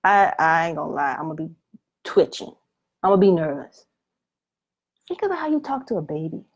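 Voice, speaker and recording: A woman's voice: low-pitched, big pitch swings, fairly quick, husky. A woman teaching on the Bible in a preaching video, speaking in a colloquial and emphatic way. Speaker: Christian author and Bible teacher.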